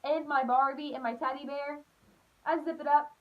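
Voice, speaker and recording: A young woman telling a childhood story on her vlog, animated and full of "like", acting out the voices. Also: high-pitched, moderate pace. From Appalachian United States. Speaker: vlogger. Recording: dull lo-fi recording.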